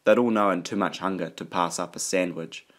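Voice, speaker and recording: Low-voiced man narrating an audiobook. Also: fairly even intonation, moderate pace, a bit bright.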